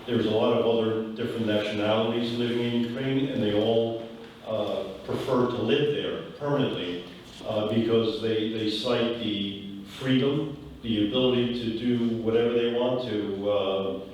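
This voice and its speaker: Low-voiced man hesitating in an echoey hall. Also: fairly even intonation, moderate pace, a little mellow, far from the mic, slight background noise. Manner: hesitant, many fillers.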